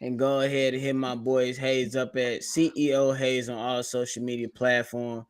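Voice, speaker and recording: A man's voice: medium pitch, little pitch movement, moderate pace, smooth. A man co-hosting a sports podcast, throwing out blunt, profane one-liners. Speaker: podcast co-host. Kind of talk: casual sports podcast banter.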